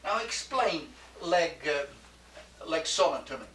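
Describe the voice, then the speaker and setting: Male teacher, bright and fairly high voice, patient. Distant, echoey classroom recording with faint hiss. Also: lively intonation, slow pace. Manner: patient, repeats questions, gentle laughs. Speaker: Greek teacher. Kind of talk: classroom lecture.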